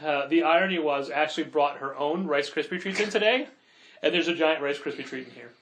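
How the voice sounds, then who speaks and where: A man co-hosting a podcast in casual chat, rambling with quick asides and frequent laughs. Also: a little high, fairly bright tone. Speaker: podcast co-host and comic shop owner.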